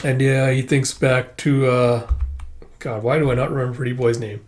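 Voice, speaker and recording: Just a guy recapping a comic out loud, rambly, keeps forgetting names. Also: medium pitch, steady tone, normal speed. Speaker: manga reader and recapper. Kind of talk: casual read-aloud recap.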